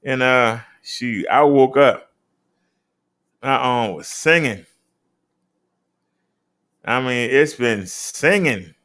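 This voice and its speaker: A man's voice: very slow, long pauses, fairly bright tone. A man hosting a casual show, reading out daily figures and chatting. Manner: emphatic, swoops up high on key numbers. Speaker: host.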